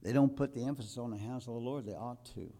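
An older pastor preaches a sermon to his congregation, quoting scripture as he moves from calm talk up to loud, emphatic peaks. His voice sits in the mid range and he speaks fast.

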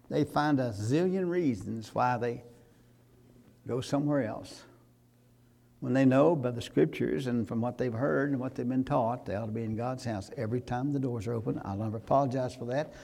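A pastor, preaching a sermon that rises to loud, fervent exhortation. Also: male voice, mid-range voice, moderate pace, vocal fry.

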